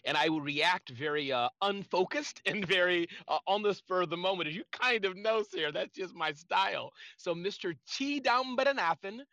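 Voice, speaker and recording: A man's voice: sits high, moderate pace, few pauses, pushed and bright, no room sound. A man speaking earnestly and a bit ramblingly, sharing a personal story in a live audio room. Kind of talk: casual live talk.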